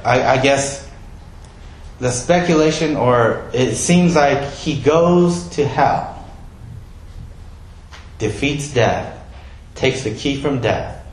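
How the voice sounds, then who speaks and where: A man's voice: mid-range voice, echoey room, rough recording. A male pastor giving a sermon in a conversational way, asking his listeners questions.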